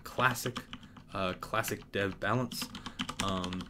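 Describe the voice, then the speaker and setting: A young man with a somewhat low voice hosts a gaming channel and talks casually. He tells stories with animation, swears freely and acts out each scene. Keyboard typing sounds behind him. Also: steady tone, slow pace, noisy background. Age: young adult. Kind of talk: casual storytelling and game commentary.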